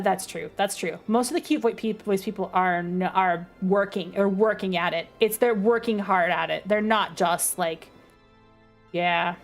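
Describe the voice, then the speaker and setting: A young adult woman with a low, dark speaking voice, chatting casually on a stream with lots of fillers and self-deprecating asides.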